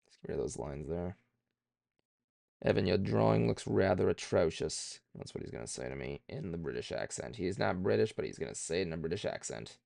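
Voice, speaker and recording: A man's voice: rumbling low, lively intonation, fast, vocal fry, darkish tone, no echo, clean studio sound. A man streaming himself drawing, thinking aloud in a rambling, self-deprecating way with many fillers. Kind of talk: casual streaming chat while drawing.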